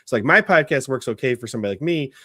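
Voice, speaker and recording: A man's voice: mid-range voice, expressive, pushed and bright, no echo, studio quality. Laughing man hosting a podcast. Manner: laughs often, quick restarts and repeats. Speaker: podcast host. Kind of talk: casual podcast chat.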